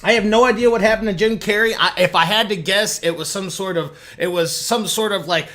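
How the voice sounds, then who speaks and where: A man talking into a desktop mic in a casual, rambling reaction commentary. His voice sits high and bright, and he sounds sarcastic and swears freely. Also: a little fast. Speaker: YouTube commentator.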